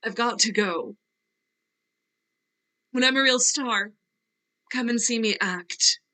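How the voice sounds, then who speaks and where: A woman's voice: fairly high pitch, slow pace, bright, forceful tone, rough recording. A woman playing Nina, a fragile, restless young actress, in a virtual play reading; she wavers and trails off, tearful as she speaks. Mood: wistful. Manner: wavering, laughing through tears, trailing off. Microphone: video call.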